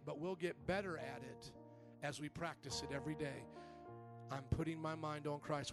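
A male pastor giving an animated sermon in a church, calling for amens from the congregation. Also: on the high side, gravelly. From Italian-American family. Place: church sanctuary.

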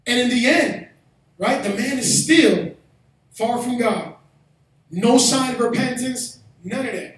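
A man preaching a sermon as pastor, telling a personal story and building to shouted exhortation in a church hall. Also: extremely high pitch, normal speed. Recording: echoey hall, mic from a distance.

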